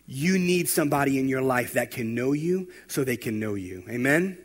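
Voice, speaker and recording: A man preaching a sermon, telling stories and building to loud, emphatic exhortation. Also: medium pitch, animated, moderate pace. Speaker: pastor.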